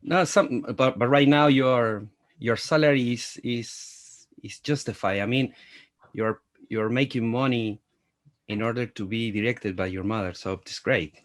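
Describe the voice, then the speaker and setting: A Latin American man, a Spanish speaker, interviews guests over a video call. His voice sits in a middling range for a man, and his English is halting and careful, full of small pauses and fillers. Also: medium pitch, steady tone. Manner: hesitant, apologetic about his English. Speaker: journalist interviewer.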